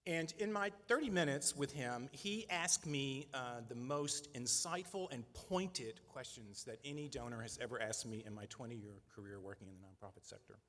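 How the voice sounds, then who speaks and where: In a big, reverberant banquet hall, a nonprofit leader in middle age gives donors a sincere, chatty breakfast fundraiser speech, peppered with asides of "right?" He speaks at a moderate pace with few pauses, in a medium-pitched, fairly bright voice.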